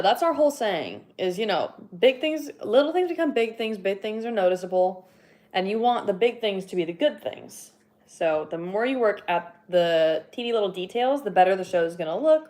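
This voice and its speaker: A woman's voice: mid-range voice, darkish tone. A young woman chatting casually on a livestream while cleaning her horn, rambling with lots of fillers and laughing now and then, a little out of breath. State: slightly out of breath.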